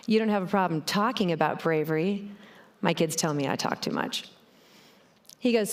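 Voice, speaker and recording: A middle-aged woman giving a motivational keynote talk on a conference stage, telling stories and speaking straight to the audience. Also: mid-range voice. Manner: animated, storytelling, addresses the audience directly.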